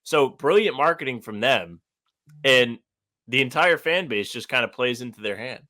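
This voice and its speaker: A young man co-hosts a podcast, chatting loosely and restarting often, his speech full of fillers and "like." His voice sits at a medium pitch with lively intonation, bright and pushed, at a normal speed.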